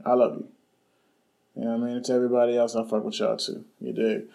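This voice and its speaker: Blunt young man, mellow solo podcast talk. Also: mid-range voice, completely flat delivery, fast talker, creaky, poor audio. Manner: casual, blunt, swears freely, many fillers. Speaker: podcast host.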